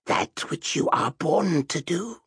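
A man voicing a fearful old crone witch who croaks out prophecies with a dry throat, slow and halting. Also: a little high, expressive, a bit bright, no room sound, pitched above the performer's own voice, exaggerated voice. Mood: prophetic.

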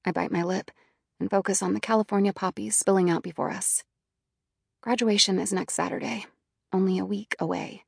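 A woman reading a first-person audiobook in a quiet, inward, subdued manner. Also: medium pitch, fairly even intonation, brisk, creaky, slightly rough, dry recording, clean studio sound. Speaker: audiobook narrator.

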